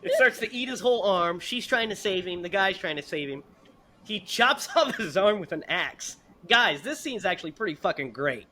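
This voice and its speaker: A man hosting a podcast who retells a movie in a casual, animated, profane way and laughs often. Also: high voice, normal speed. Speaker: podcast host. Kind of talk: casual movie review chat.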